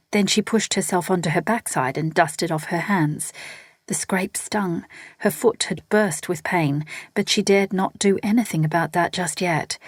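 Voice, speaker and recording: A woman narrating a novel in a steady storytelling read. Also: fairly low pitch, no room sound, clean studio sound. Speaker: audiobook narrator. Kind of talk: scripted narration.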